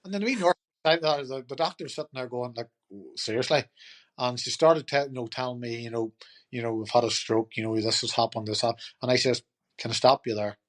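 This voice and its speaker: A man's voice: medium pitch, steady tone, fast talker. A middle-aged man, a podcast guest telling his story in a chatty, rambling way full of fillers. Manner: chatty, rambling, lots of "you know" and "turned around and says". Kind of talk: casual storytelling.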